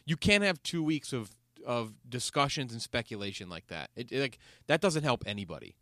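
Animated man hosting a podcast. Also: medium pitch, fairly quick, no echo, clean studio sound. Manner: animated, steers the talk, swears casually. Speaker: podcast host. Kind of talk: casual podcast chat.

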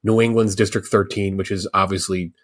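A young man co-hosting a casual podcast who explains things plainly and matter-of-factly. His voice is low with a slightly husky edge. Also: level tone, a little fast. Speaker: podcast co-host. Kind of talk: casual chat.

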